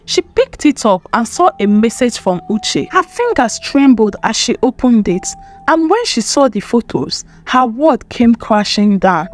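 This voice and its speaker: Expressive woman storyteller. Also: a little high. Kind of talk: dramatic story narration. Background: faint music.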